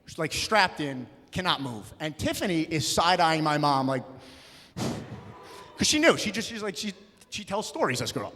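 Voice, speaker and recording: A young man doing a stand-up comedy set, loud and punchy, slipping into acted-out voices. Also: fairly high pitch, expressive, normal speed, slight background noise. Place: comedy club stage. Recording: live room with long reverb.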